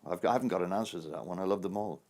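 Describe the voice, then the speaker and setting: Deep-voiced man in his sixties. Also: very fast, gravelly, darkish tone. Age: 60s. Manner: rambling, anecdotal, chuckling. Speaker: actor. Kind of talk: interview answers.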